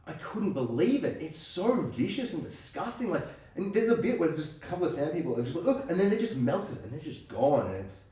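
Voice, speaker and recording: A man co-hosting a podcast, chatting casually and acting out scenes with quick impressions. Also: on the high side, far from the mic. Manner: animated, acts out scenes in quick impressions, swears. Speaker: podcast co-host. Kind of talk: casual chat. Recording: echoey room, off-mic.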